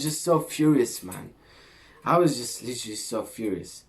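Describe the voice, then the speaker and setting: A young man from Greece telling a story to camera in a casual vlog, animated and full of swearing and slang. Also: medium pitch, moderate pace, vocal fry. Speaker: vlogger.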